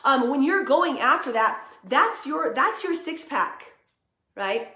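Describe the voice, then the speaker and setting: A woman's voice: high-pitched, big pitch swings, slow, sharp tone, roomy sound. Upbeat woman motivating viewers live. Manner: upbeat, chatty, greets viewers by name. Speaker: live video host and coach. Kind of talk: casual motivational live stream.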